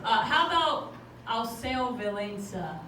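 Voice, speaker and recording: A woman performing stand-up in a club, chatty and laughing along with her own punchlines. Her voice booms around a very echoey room from a little off the mic. A loud crowd hum sits under everything. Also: big pitch swings, measured pace, distant mic. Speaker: stand-up comedian. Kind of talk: stand-up comedy set. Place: comedy club stage. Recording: very echoey club, noisy audience ambience.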